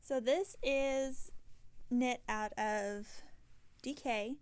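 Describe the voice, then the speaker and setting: A tired woman hosting a knitting podcast, chatting casually and rambling, with soft half-whispered asides. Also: on the high side, very slow, clear, resonant tone, no echo. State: tired and yawning. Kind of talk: casual chat. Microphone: self-filmed camera.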